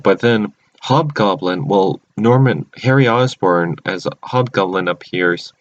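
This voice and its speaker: Lower-voiced man, rambling casual recap host, lo-fi recording. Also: expressive, unhurried, few pauses. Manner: rambling, many restarts. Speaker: channel host. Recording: dull lo-fi recording.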